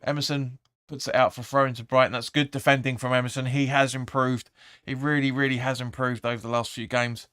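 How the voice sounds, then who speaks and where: A man hosting a live football watch-along, rambling through the play and sometimes shouting at the players. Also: mid-range voice, little pitch movement, a little fast, few pauses, smooth, dry recording, clean studio sound. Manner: rambling, restarts often, erupts when urging players. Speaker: fan channel host.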